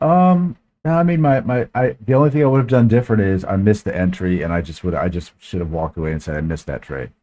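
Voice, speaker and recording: A man's voice: low-pitched, quick pace, hardly any pauses, mellow, dull audio. A man hosting a podcast, telling a frustrated, profane story in casual chat. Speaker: podcast host.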